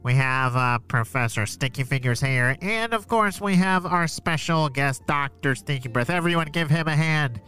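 A man doing a bright, fawning henchman. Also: a little high, expressive, normal speed, hardly any pauses, clear, resonant tone, faint music behind. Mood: eager. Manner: bright, hesitant, uh-filled. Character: eager, fawning male henchman.

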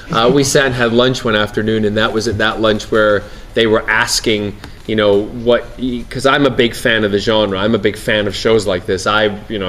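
A man being interviewed on set about his acting role, animated and laughing, often restarting his sentences. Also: on the low side, slight background noise. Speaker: actor interviewee. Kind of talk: press junket interview. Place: outdoor TV set, press line.

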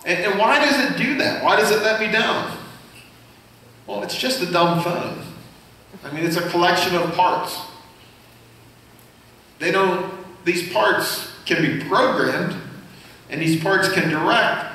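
Male pastor, sermon, fairly high tense voice, chatty questions to the pews, church sanctuary, long reverb, distant mic. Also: measured pace, long pauses, sharp tone. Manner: conversational preaching, asks the congregation questions. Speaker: senior pastor. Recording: very echoey hall, voice from far off.

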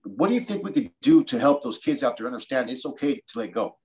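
A man's voice: medium pitch, very animated, fast, a little mellow, low-quality recording. A man with a mid-range voice interviews his guest in a casual conversation. He speaks candidly and reflectively, weaving in his own experience before he asks his questions.

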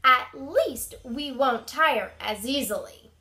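Woman reading as a friendly, gentle storybook mole. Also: high voice, animated, slow pace, exaggerated voice. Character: friendly male mole, good-natured.

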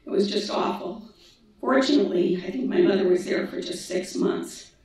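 A woman gives a talk in a large lecture hall, speaking conversationally and restarting her sentences now and then. Her voice has a gravelly edge. It is picked up from a distance, with heavy echo all around. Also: medium pitch, moderate pace, a little mellow. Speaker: guest speaker, daughter of a survivor. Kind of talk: public presentation. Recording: echoey hall from far off.

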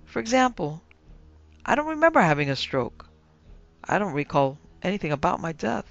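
A man voicing a querulous, vengeful undead wizard uncle who is now a skeleton, rasping slowly and emphatically. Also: sits high, big pitch swings, fairly bright tone, pitched above the performer's own voice, exaggerated voice. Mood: musing. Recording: dull lo-fi with faint music.

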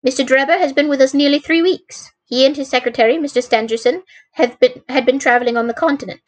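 A woman's voice: high voice, quick pace, low-quality recording. A woman reading the part of an agitated middle-aged landlady who pleads anxiously and formally for her son.

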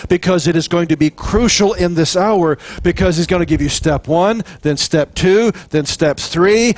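A man preaching a sermon, animated and chatty, acting out little scenes and chuckling between points. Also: on the high side. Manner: animated, jokes and acts out quotes. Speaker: pastor.

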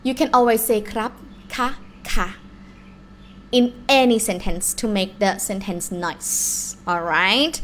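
A young woman with a Thai accent teaching a live-streamed language lesson, explaining slowly and repeating words in different tones. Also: fairly high pitch, fairly bright tone, a little hiss or hum. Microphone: laptop or phone mic on a live stream.

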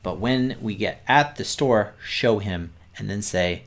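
Slow, patient male coding teacher. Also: on the low side. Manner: patient, step-by-step explaining, talking straight to the viewers. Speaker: teacher hosting a coding stream. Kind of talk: live-streamed coding lesson for kids.

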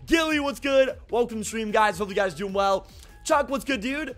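A man's voice: extremely high pitch, normal speed, fairly bright tone, soft background music. A young man streaming a video game live, chatting with his viewers, greeting them by name and repeating himself when flustered. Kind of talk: live gameplay commentary to chat.

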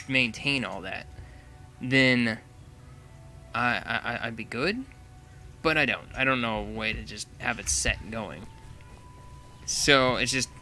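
A man's voice: medium pitch, pushed and bright. A young man giving casual, chatty commentary while playing a building game, thinking aloud and laughing often. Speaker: gaming channel host.

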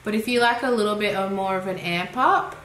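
Fairly quick and a bit bright, this Australian woman's medium-pitched voice carries a giggly, chatty makeup review where she thinks out loud. The room is echoey, with faint noise in the background.

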